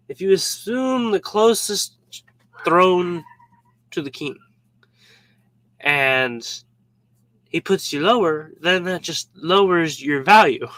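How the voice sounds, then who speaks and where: Bright-voiced man giving casual Bible teaching. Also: high voice, no room sound, low-quality recording. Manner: informal, joking, acts out little scenes.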